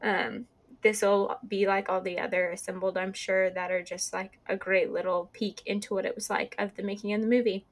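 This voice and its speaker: A woman's voice: mid-range voice, level tone, normal speed. A young woman hosting a casual podcast, chatty with lots of fillers, running through a list of upcoming releases. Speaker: podcast host.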